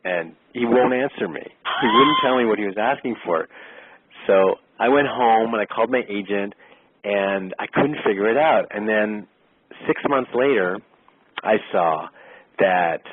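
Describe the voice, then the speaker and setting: A middle-aged man, an actor and interview guest, telling a lively anecdote and acting out the exchanges he describes. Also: lowish voice, a little slow, husky. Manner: lively storyteller who acts out quoted exchanges. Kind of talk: casual storytelling anecdote. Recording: tinny phone-line sound, dry.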